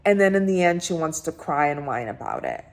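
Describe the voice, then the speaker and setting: A woman's voice: low voice, brisk. A woman vlogger, a bit drunk, ranting and telling stories in a casual chat. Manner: ranting, animated storytelling. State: tipsy.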